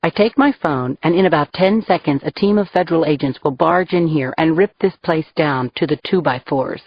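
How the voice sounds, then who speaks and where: A woman's voice: low voice, moderate pace, slightly rough, no room sound, muffled recording. A woman voicing a brash male federal agent who makes cocky threats, in an audiobook reading.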